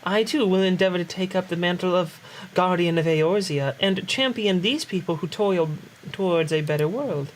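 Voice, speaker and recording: A man's voice: high voice, moderate pace, hardly any pauses, a little hiss or hum, natural voice, poor audio. A man reading game dialogue aloud as an earnest, formal young male statesman, in a mock-solemn way.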